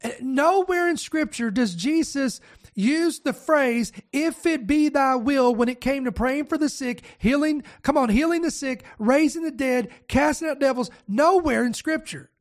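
High-voiced impassioned preacher. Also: unhurried. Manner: impassioned, repeats "come on" for emphasis; reads scripture aloud to the congregation. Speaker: pastor. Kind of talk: sermon.

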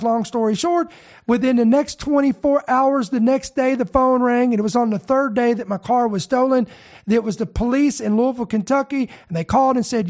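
A man's voice: very high-pitched, moderate pace, a little mellow. A middle-aged preacher man, telling a testimony story in a fervent sermon and building to emphatic declarations.

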